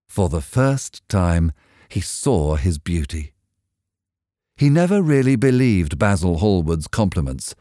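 A male storyteller reads in a measured, unhurried way with a very lively melody. The sound is dry and close. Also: deep voice, no room sound. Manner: measured, expressive. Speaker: narrator. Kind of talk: storybook reading.

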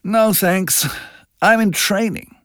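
A man's voice: sits high, slow, a bit bright, dry recording, clean studio sound, voice pushed up. A man reading aloud, voicing a bored, aloof young sportswoman with a languid, superior manner.

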